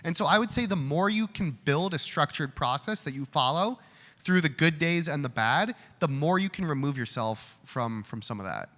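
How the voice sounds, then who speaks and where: This man's voice sits a little high and sounds a bit bright, moving at a moderate pace with lively intonation. He takes audience questions in an event hall, talking openly and casually and frequently starting his words over. Hall reverb and faint room noise color the recording.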